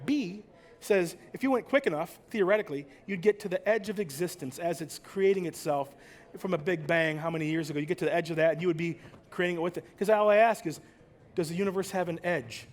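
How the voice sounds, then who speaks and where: An American man with a high-pitched voice tells stories from a stage at a conference, rambling and profane. His delivery is emotional and animated, and he swears freely. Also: quick pace. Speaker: conference speaker. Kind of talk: live stage talk.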